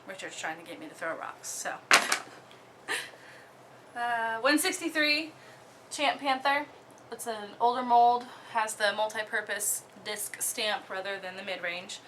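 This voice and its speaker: A young woman from Oklahoma casually talking through her disc golf bag, relaxed, with many ums and the odd giggle. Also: medium pitch, measured pace, a little hiss or hum. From Oklahoma, USA. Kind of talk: casual show-and-tell.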